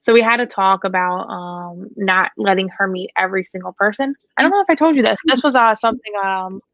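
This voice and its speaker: A woman dog trainer talks through a casual Q&A in a frank, joking way. Her voice is gravelly. The recording is dry and a little dull, with a lo-fi edge. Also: mid-range voice, brisk, no room sound. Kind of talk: casual Q&A chat.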